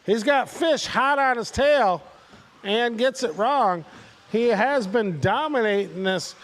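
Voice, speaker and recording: High-voiced, unhurried race announcer man. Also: lively intonation, fairly bright tone, big-room sound. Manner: casual, chatty, calls drivers by name. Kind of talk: live race commentary.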